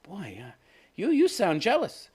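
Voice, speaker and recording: A man's voice: sits high, huge pitch swings, a little slow, darkish tone, breathy edge, full character voice. A man voicing a blunt, stern female knight in a prim, mocking way.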